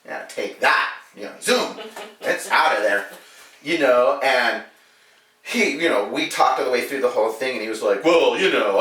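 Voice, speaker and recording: Guy hairdresser ranting a story, cussing, bright voice, echoey room, mic kinda far. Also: medium pitch, moderate pace. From Alaska. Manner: animated, profane, acts out quotes. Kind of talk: casual storytelling.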